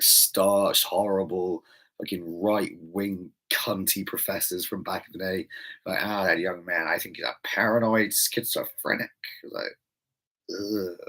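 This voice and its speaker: A man's voice: low-pitched, husky. A young British man hosting, ranting in a profane, digressive, exasperated monologue. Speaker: host.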